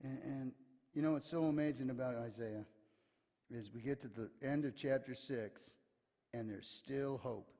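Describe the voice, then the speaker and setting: Pastor preaching in a reverberant sanctuary. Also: male voice, medium pitch, gravelly. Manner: lively storyteller who acts out quotes, often dropping to a hushed tone for emphasis. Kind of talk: sermon. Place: church sanctuary. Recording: long hall reverb.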